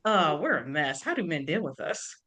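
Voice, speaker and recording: A woman hosting a casual book club chat, talkative and animated, laughing often as she retells scenes. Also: sits low, moderate pace. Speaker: book club podcast host.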